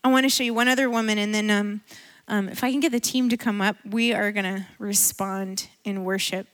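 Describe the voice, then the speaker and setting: A woman preacher giving a sermon in church, retelling a story with animated energy and frequent laughter. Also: mid-range voice, fairly quick.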